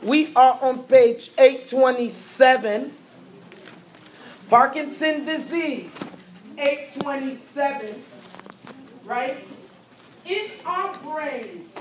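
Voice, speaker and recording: A woman's voice: high-pitched, lively intonation, slow, a little mellow, a little hiss or hum. A woman teaching a live nursing exam review class, quizzing students and repeating key points. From Haiti. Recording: echoey classroom with faint ambience.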